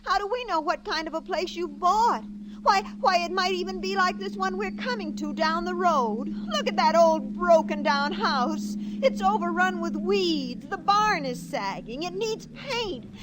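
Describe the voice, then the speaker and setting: An actress playing an exasperated, reproachful young adult daughter in a 1940s radio sitcom. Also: female voice, very high voice, lively intonation, a little slow. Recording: hissy 1940s radio recording.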